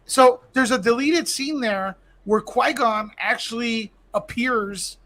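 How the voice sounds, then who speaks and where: A man's voice: extremely high pitch, slow pace, fairly bright tone. A man in casual podcast chat, ranting passionately as a fan and calling others bro. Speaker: podcast co-host.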